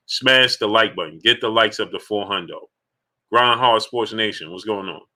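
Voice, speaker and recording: Bright-voiced man hosting a live sports stream. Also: on the low side, normal speed. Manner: emphatic, repeats points, greets chat by name. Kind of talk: casual live-stream chat.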